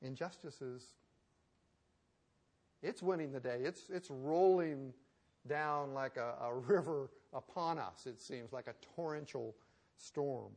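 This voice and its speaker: A man preaching a sermon in a conversational way, asking rhetorical questions and swinging from loud emphasis to soft asides. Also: mid-range voice, slow pace.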